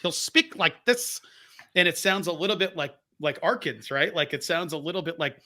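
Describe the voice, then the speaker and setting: A young man co-hosting a casual podcast, quick with jokes and prone to silly voice impressions. His voice is very bright and pitched somewhat high. He keeps the banter loose and playful. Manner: jokey, animated, does goofy impressions. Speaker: podcast co-host. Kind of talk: casual chat.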